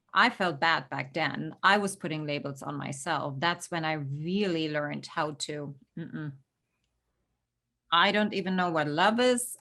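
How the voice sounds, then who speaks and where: A woman's voice: low-pitched, sharp tone. A middle-aged woman co-hosting a casual chat show, talking earnestly and pushing her voice up sharply when she stresses a point. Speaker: podcast co-host.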